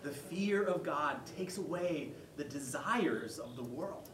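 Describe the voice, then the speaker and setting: A male pastor giving a conversational sermon, retelling a story with lively quoted voices. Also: fairly high pitch, slow, a little hiss or hum. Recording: echoey hall, mic far off.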